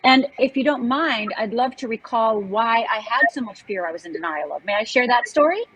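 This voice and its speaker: A woman's voice: a little high, lively intonation, fairly quick, fairly bright tone, breathy edge, no echo, low-quality recording. A woman in her sixties from Upper Michigan, telling a personal story as an interview guest in an earnest, emphatic way. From Upper Michigan, United States. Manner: earnest, emphatic, acts out quoted voices. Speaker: guest, life coach.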